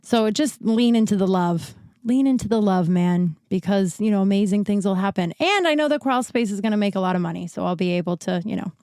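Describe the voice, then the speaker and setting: A woman's voice: mid-range voice, lively intonation, a little fast, darkish tone, no room sound, clean studio sound. A woman in her thirties hosting her own podcast, rambling frankly with many restarts while still recovering from an illness. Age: 30s. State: recovering from illness, short of breath. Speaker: podcast host. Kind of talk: casual solo podcast monologue. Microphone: new podcast mic.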